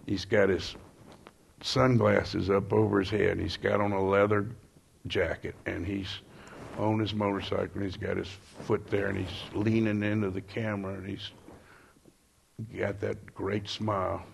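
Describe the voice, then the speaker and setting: A man, a panel speaker, telling relaxed anecdotes and chuckling now and then. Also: fairly low pitch, measured pace, creaky, a little hiss or hum. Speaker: panel speaker, former newspaper editor. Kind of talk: storytelling on a panel. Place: university event hall.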